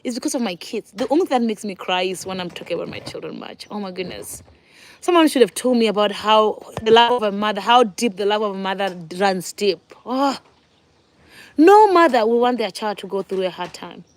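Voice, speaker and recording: A woman's voice: medium pitch, lively intonation, fairly quick. A woman in her forties, a mother and vlogger, chatting casually to her viewers at home and laughing often. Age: 40s. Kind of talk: casual sit-down chat.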